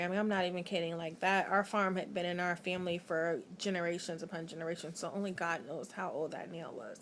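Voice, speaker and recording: A tired woman telling a personal story late at night, in a chatty, animated way with lots of filler words. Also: fairly low pitch, brisk. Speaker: vlogger.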